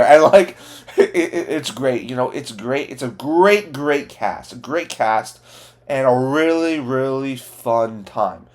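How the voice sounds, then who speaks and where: A man's voice: mid-range voice, lively intonation, takes it slowly. A man giving a casual spoken movie review, enthusiastic and rambling, full of "like" and "you know" fillers and restarts.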